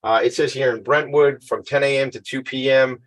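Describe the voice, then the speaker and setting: A man's voice: medium pitch, steady tone, normal speed. A man hosting a casual talk radio show from a home attic studio, chatty and off-the-cuff.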